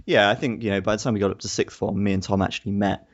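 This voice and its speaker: A man's voice: lowish voice, fairly even intonation, very fast. A young man from England co-hosting a podcast, chatting in a reflective, easygoing way and laughing often. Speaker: podcast co-host. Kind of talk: casual chat. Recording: muffled lo-fi audio.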